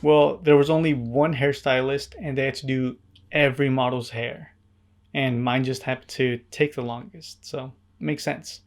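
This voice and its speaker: A man tells his story as a vlog voiceover in a flat, deadpan delivery and drops wry asides along the way. His pitch sits in the middle range. Faint music plays underneath. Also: moderate pace. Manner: introverted, earnest. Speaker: vlogger. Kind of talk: scripted vlog narration.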